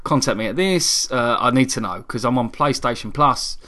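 A man's voice: mid-range voice, normal speed, bright, forceful tone. Rambling man telling stories. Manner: rambling, self-mocking, laughs through stories. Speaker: podcast co-host. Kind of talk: casual comedic storytelling.

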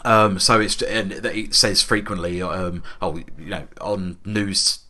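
A man's voice: low-pitched, steady tone, a little slow, sharp tone. A man co-hosting a casual film review podcast, rambling and joking, with the odd swear word. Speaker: podcast co-host.

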